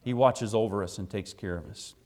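A man preaching a sermon to his congregation, telling a personal story in a folksy, conversational way, with emphatic loud declarations and quiet, low asides. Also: a little fast.

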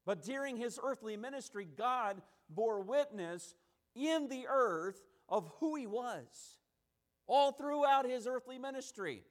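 Preacher, male, high pitch; emphatic sermon delivery, repeats lines for weight. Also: animated, a little slow. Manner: emphatic, repeating and restarting phrases, acting out quotes.

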